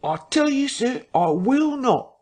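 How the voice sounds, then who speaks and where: Man doing a jerky, high-strung vicar. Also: big pitch swings, drawn-out words, a little mellow, full character voice. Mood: strained. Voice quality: jerky, rising, high-pitched. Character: flustered vicar, middle-aged man, strained under pressure.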